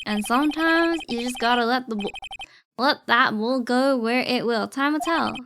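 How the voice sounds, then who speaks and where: A woman's voice: on the high side, moderate pace, background noise, natural voice. Woman doing a folksy cowboy detective drawl. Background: game music.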